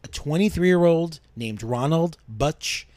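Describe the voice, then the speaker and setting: A male podcast host telling a true-crime story in a measured way, dropping low for grim details. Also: lively intonation, a little mellow, dry recording.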